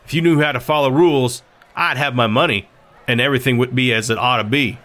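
A man voicing a drunk, hostile miner who accuses roughly. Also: medium pitch, fairly even intonation, quick pace, fairly bright tone, natural voice. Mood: surly. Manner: surly, accusing.

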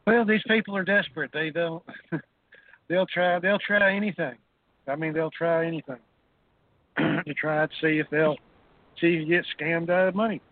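A male caller with a fairly high voice, emphatic and foul-mouthed. His sound is dry and thin like a telephone, with no room around it. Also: steady tone, normal speed, pauses often, no room sound. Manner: profane, emphatic. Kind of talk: call-in radio talk. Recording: dry phone line.

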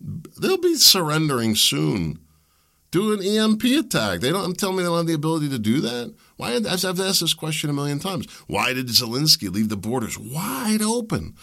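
A man's voice: a little high, big pitch swings, normal speed, vocal fry, pushed and bright. A man hosting a solo podcast, rambling and conversational, often correcting himself mid-sentence and asking pointed questions. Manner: opinionated and questioning. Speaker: podcast host.

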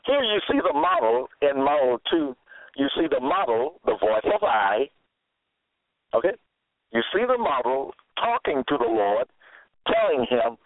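A man's voice: mid-range voice, huge pitch swings, unhurried, vocal fry, dry recording. A man preaching a sermon, exhorting and scolding his listeners and repeating his phrases. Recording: tinny phone-like, dry sound.

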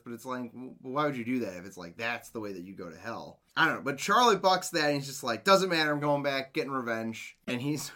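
A man chatting on a movie podcast in a bright, forceful voice. He is sarcastic and swears freely, slipping into characters' lines as he recaps. The talk is loose and casual. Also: medium pitch. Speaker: podcast co-host.

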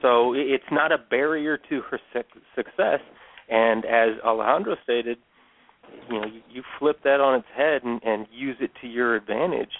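A man from Central Texas speaking in a measured, matter-of-fact way in a casual panel discussion. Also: mid-range voice, a little hiss or hum. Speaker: recruiting panelist. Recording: tinny phone-like line.

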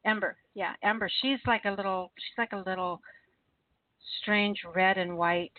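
A woman's voice: mid-range voice, fairly even intonation, moderate pace. Chatty woman on a phone line. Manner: chatty and laughing. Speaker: caller. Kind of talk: casual phone chat.

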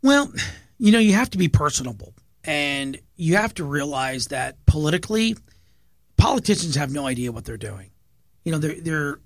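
Gravelly middle-aged man telling stories eagerly. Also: fairly high pitch, fairly bright tone, no echo. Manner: earnest, eager storyteller who repeats words as he goes. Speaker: business owner and podcast guest. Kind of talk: storytelling in a podcast interview.

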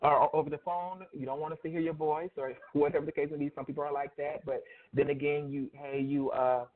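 A man's voice: on the high side, little pitch movement, a little fast. Chatty man hosting over a phone line. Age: 30s. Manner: chatty, with frequent ums and easy laughs. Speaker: host. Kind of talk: call-in radio interview.

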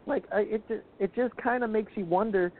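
A man's voice: sits high, brisk. A man co-hosting, giving opinionated, ranting takes in casual wrestling chat. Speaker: co-host. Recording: tinny phone line with clear noise.

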